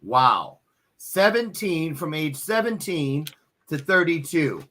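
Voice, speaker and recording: Male talk-show host, loose and jokey, bright forward tone. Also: mid-range voice, animated, moderate pace. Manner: chatty, joking, many restarts. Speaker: podcast host. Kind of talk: casual interview chat.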